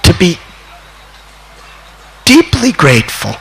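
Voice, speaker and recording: An older man in his sixties, a spiritual teacher telling a devotional story in a slow, deliberate way that climbs to excited peaks. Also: high-pitched, vocal fry, slight background noise, low-quality recording. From United States. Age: 60s.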